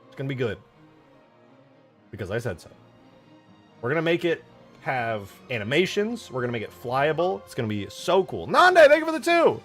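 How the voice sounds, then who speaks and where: A young man live-streaming his game modding, chatting casually with viewers and breaking into loud, goofy shouts. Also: medium pitch, moderate pace, long pauses, faint music behind. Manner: excitable, jumps to loud shouts and goofy banter. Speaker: livestreaming game modder.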